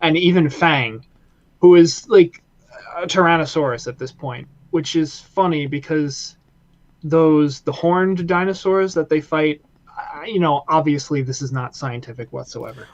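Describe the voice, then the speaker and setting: A man co-hosting a casual review podcast, excitable and quick to swear. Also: a little high, muffled recording. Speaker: podcast co-host.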